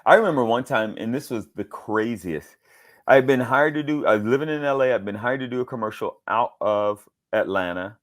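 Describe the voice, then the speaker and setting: A middle-aged man from Georgia, a voice actor being interviewed, telling animated stories and acting out quotes in different voices. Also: medium pitch, fairly quick. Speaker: voice actor guest. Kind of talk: casual interview storytelling.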